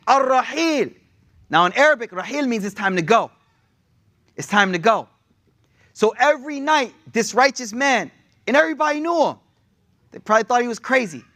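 A man giving a casual religious lesson in slangy, conversational talk, reading quotes in a quick run and then explaining them to his listeners. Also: very high-pitched, a bit bright. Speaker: religious teacher.

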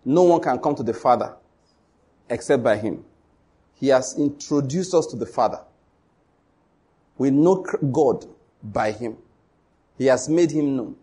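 A man's voice: medium pitch, expressive, measured pace, long pauses, mellow, husky. A man preaching a sermon, emphatic and repetitive, often asking the congregation whether they follow.

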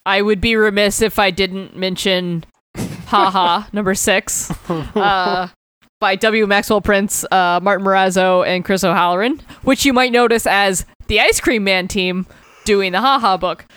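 Guy cohosting a comics podcast, bright clear voice, laughs and swears a lot, dry sound. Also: sits high, no room sound. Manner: laughs often, swears casually, rambling with fillers. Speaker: podcast co-host. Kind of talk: casual comic book chat.

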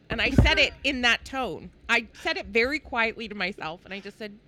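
A woman's voice: on the high side, expressive, moderate pace, few pauses, sharp tone, slight background noise. A woman co-hosting a casual podcast chat, outspoken and often laughing as she talks. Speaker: podcast co-host.

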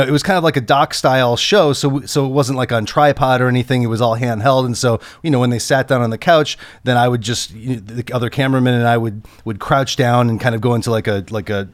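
A man working as a camera operator, telling a casual anecdote in a halting way and chuckling as he goes. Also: mid-range voice, no room sound. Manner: halting, chuckles through the story.

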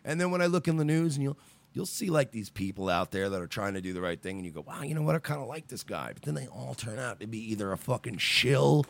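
Gravelly, profane man ranting. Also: mid-range voice, animated, fast talker. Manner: profane, sarcastic, mocking. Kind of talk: casual podcast rant.

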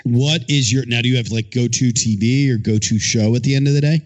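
A man's voice: mid-range voice, steady tone, brisk, a little mellow. A man hosting a casual chat, laid-back, asking questions and swearing casually. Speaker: podcast host.

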